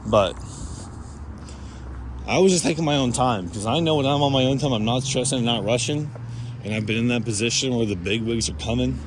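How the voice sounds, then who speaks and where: A man's voice: mid-range voice, a little fast. A young man talking casually to the camera while out walking, rambling and self-conscious, full of fillers and restarts. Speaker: vlogger. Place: outdoors by a street. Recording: outdoor street noise behind.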